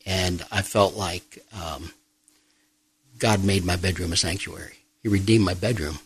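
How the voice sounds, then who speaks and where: A middle-aged man, a pastor and grief counselor, speaking softly and reflectively in an interview, pausing often. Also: low-pitched, steady tone, breathy edge, dry recording, rough recording. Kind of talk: personal testimony in an interview.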